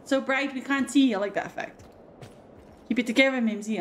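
A young British woman with a British accent giving excitable, gushing, chatty commentary while playing a video game. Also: a little high, fairly quick, slight background noise. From Britain. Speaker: gaming streamer. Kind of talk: casual gameplay commentary.

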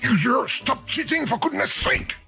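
A fretful, scolding video game comes alive. Its voice sits a little high and leaps up and down in theatrical exasperation, as if the player keeps breaking everything. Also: male voice, very animated, a little slow, a bit bright, faint music behind, exaggerated voice.

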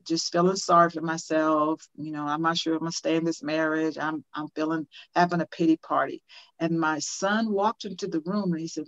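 Older woman, low-pitched, earnest preacher-like storytelling, interview guest, slightly muffled recording. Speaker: motivational speaker. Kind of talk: interview guest, sharing personal stories.

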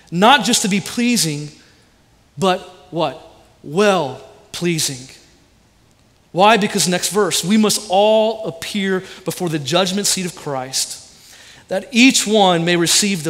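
A man's voice: high voice, fairly bright tone. A man, preaching a sermon with passion, asking questions and answering them himself. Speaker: pastor. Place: church auditorium. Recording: long reverb of a church hall.

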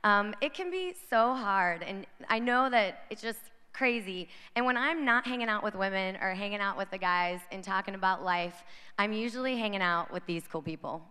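A woman's voice: mid-range voice, animated, normal speed, pushed and bright, clean tone. A woman in her thirties giving a playful, chatty conference talk to a crowd of young women and acting out their voices. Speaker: conference speaker. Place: large hall with audience. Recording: reverberant hall.

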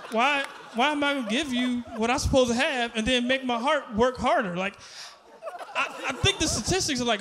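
High-voiced man doing animated stand-up. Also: background noise. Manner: animated storytelling, laughing at his own jokes, acting out dialogue. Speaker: stand-up comedian. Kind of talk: stand-up comedy set.

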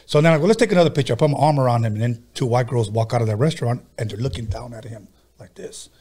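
Husky-voiced man telling loose stories. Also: mid-range voice, quick pace, darkish tone. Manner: laid-back, profane, laughs through his stories. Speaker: podcast host. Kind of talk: casual storytelling chat.

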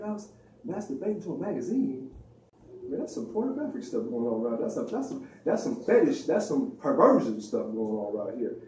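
A man's voice: a little high, warm tone, a little hiss or hum. A man giving an informal religious lecture in a preachy, slangy way, acting out the voices he quotes. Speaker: religious speaker. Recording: echoey room, distant mic.

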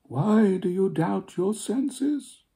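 A man reading a story aloud, voicing a dead man's ghost who gives solemn, drawn-out warnings. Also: high voice, expressive, creaky, dark tone, pitched above the performer's own voice, full character voice. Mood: stern.

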